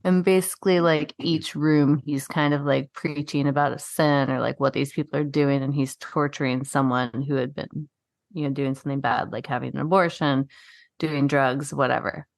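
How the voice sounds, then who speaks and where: A woman with a notably low voice co-hosts a casual podcast, recapping a show in an animated, profane way. Her speech is full of "like", and the sound is dry and close with no room echo. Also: normal speed, creaky. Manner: profane, animated storytelling, frequent "like". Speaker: podcast co-host. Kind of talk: casual chat.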